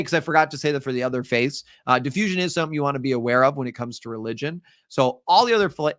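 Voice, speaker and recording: A man's voice: medium pitch, bright, forceful tone, smooth, no room sound, studio quality. A man with a Midwestern accent, a teacher giving a chatty, upbeat live-streamed exam review with frequent ums. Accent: Midwestern American.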